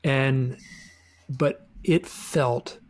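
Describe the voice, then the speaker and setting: A man's voice: mid-range voice, fairly even intonation, extremely slow. A man talking as a guest author in a casual interview, rambling with many restarts and repeated words.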